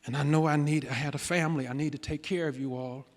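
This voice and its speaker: A man voicing his aging working-class father within a sermon, slow, subdued and heavy. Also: a little high, steady tone, close to an everyday voice. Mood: weary. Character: weary aging working father, quiet and proud. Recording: long church hall reverb.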